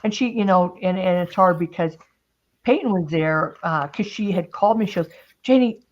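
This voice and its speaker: A woman's voice: fairly low pitch, normal speed, slight background noise. A woman chats casually as host of a craft stream, telling a long personal story. She slips into quoting what others said and laughs often. The audio is a little dull and lo-fi. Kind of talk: casual chat.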